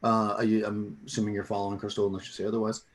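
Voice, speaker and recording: A man's voice: lowish voice, level tone, very fast. A man narrating as game master of a tabletop game, rambling with many restarts.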